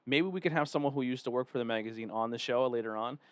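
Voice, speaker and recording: A man's voice: mid-range voice, fast talker, smooth. A man hosting a casual podcast, chatting loosely and running through plugs and the show rundown. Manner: plugs links and steers the rundown, relaxed and chatty. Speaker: podcast host.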